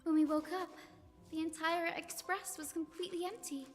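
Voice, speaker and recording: A woman's voice: very high-pitched, fairly even intonation, normal speed. An actress voicing a cheerful young woman companion in a game, speaking in a playful, teasing way. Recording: reverberant game audio with music.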